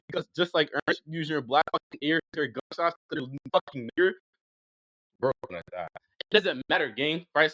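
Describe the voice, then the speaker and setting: A man's voice: a little high, bright, forceful tone, no room sound. A young man in a heated online voice-chat debate, ranting aggressively and hurling insults at his opponent over a dull, lo-fi line.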